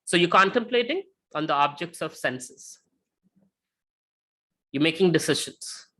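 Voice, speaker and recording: A man giving a lecture with slides, talking conversationally and often checking in with a quick "right?". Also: fairly high pitch, expressive, bright, forceful tone. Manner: tells illustrative stories.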